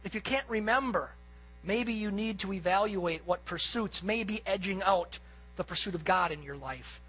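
A pastor preaching a sermon to his congregation, earnest and emphatic, swinging between loud peaks and quiet asides. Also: high-pitched, moderate pace, slightly rough, poor audio.

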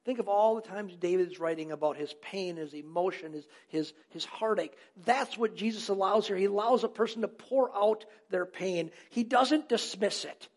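A man's voice: sits high, normal speed, hardly any pauses. A man preaching a sermon as a pastor, earnest, asking rhetorical questions and answering them himself, repeating key phrases for emphasis.

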